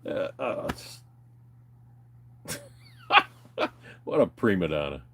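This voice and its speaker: A man's voice: low-pitched, big pitch swings, extremely slow, slightly rough. A middle-aged man rambling through crude, profane stories in a casual way, laughing often and mimicking other people. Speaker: streamer telling stories.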